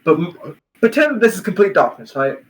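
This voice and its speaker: Young male podcast host, slightly high voice, loose rambling storyteller. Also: sing-song, moderate pace, low-quality recording. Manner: rambling, full of "like" and restarts, laughs while telling. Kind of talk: casual storytelling chat.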